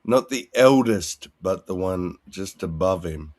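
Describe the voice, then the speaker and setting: Low-voiced dude hosting a chat, slow, cusses a lot, does little voices. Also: male voice, lively intonation. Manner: slow, laid-back, profane, acts out quotes. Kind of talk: casual chat.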